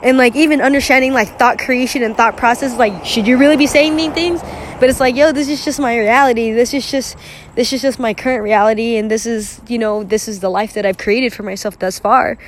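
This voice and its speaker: Young woman, a touch high-pitched, emotional solo vlog, rambling, sweary, sighing, near tears. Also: steady tone, fairly quick, slight background noise. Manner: rambling, lots of "like", swearing, sighs and nervous laughs. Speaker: vlogger. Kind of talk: emotional personal monologue.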